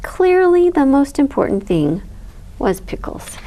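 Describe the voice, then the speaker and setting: A woman reading a picture book aloud as a library storyteller, lively and expressive with soft giggles. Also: mid-range voice, a little slow, gravelly, a little hiss or hum, poor audio.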